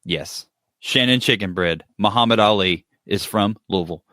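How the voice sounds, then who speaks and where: A man's voice: lowish voice, normal speed, pushed and bright, dry recording, studio quality. A man co-hosting a podcast over a video call, joking around while reading out trivia questions. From Kentucky. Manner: joking, reads questions aloud. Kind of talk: casual chat.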